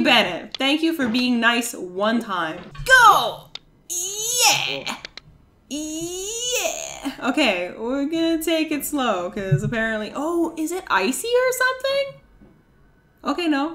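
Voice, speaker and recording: A young woman streamer giving excitable, exclamation-filled commentary while she plays a video game. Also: fairly high pitch. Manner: excitable, with frequent shrieks and exclamations. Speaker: gaming streamer. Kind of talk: reactive gameplay commentary.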